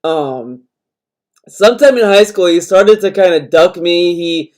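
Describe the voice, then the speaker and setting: A man's voice: high voice, unhurried, a little mellow. A young adult man streamer ranting in casual chat, swearing often and rambling as he talks. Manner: profane, rambling rant.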